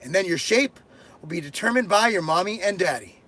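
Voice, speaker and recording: Middle-aged dude doing a live q&a, fairly high voice, crude jokes, cusses a lot, blunt answers. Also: male voice, lively intonation, fairly quick, pushed and bright. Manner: blunt, crude and joking, swears freely. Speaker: host answering viewer questions. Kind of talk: casual live-stream Q&A. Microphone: headphones and desk mic.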